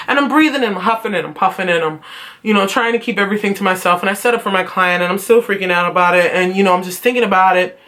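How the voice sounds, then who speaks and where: A young woman venting in a heated, profane vlog rant, telling her story with animated swings of feeling. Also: medium pitch. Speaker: vlogger, former beauty school student.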